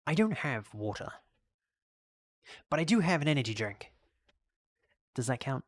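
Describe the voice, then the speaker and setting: A man's voice: medium pitch, big pitch swings, unhurried, no echo. An Australian man casually rambling and thinking aloud while streaming a video game. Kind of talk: casual gameplay commentary.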